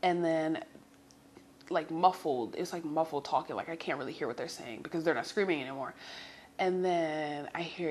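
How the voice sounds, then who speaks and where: A woman's voice: sits low, moderate pace, a little hiss or hum. Chatty young woman telling a story. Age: young adult. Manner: chatty, animated, profane, addresses listeners as girl. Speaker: storytime vlogger. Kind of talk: casual storytelling.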